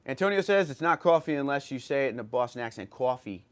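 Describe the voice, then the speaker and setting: A man's voice: medium pitch, lively intonation, fast talker, clean tone. A man with a New York accent hosting a casual livestream, reading viewer comments and chatting loosely with fillers and restarts. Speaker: livestream host.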